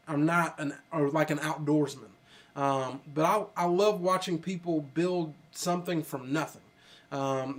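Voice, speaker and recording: The Southern country accent comes through as this American man, fairly high in pitch, chats casually on his livestream from an office. Reading out viewers' comments, he rambles and keeps saying um and restarting his sentences.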